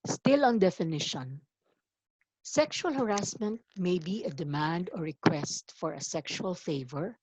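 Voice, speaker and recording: A woman giving a formal orientation lecture, deliberate and emphatic, stressing key words. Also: fairly low pitch, lively intonation, darkish tone, husky, no echo, poor audio. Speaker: university anti-harassment office coordinator.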